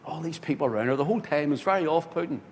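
A man, a pastor telling a story in a sermon, swinging from loud, excited bursts to hushed tones. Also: racing. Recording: hall reverb with faint rumble.

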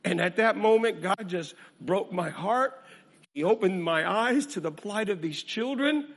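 A male minister preaching a sermon, swinging from hushed storytelling to booming emphasis with a repetitive cadence. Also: lively intonation, measured pace, in a large hall.

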